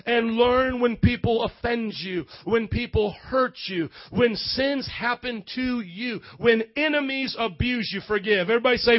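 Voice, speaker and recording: A man with a high voice preaching with passion, often turning to ask his listeners if they follow him. The recording is dull and lo-fi. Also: measured pace, hardly any pauses. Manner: impassioned preaching, calls to the congregation. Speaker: pastor. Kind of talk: sermon.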